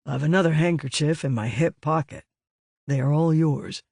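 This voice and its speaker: A man voicing a calm, kindly man who speaks patiently and gently in an audiobook. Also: a little high, moderate pace, gravelly, slightly rough, no echo. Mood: gentle.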